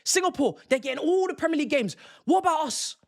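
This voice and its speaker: A man's voice: very high-pitched, lively intonation, fast. Fuming young man ranting. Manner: angry, profane, repetitive ranting. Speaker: football streamer. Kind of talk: ranting live stream.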